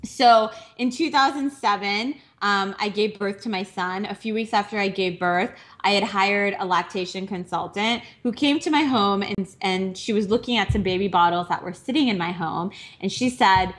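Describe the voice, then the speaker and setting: A woman in her thirties from Minnesota, speaking to an audience about how she started her business. She is candid and conversational, often joking at her own expense, with frequent fillers and restarts. Her voice sits at an ordinary middle pitch. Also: normal speed, hardly any pauses. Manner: conversational, candid, self-deprecating humor with many fillers. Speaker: entrepreneur speaker. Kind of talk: personal story talk. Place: live virtual speaker broadcast.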